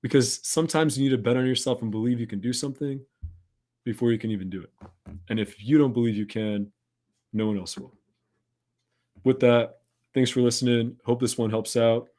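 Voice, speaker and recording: A man's voice: mid-range voice, fairly even intonation, a little fast, pauses often, warm tone. A man hosting a podcast, talking listeners through a self-help monologue in an earnest, encouraging coaching tone. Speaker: podcast host.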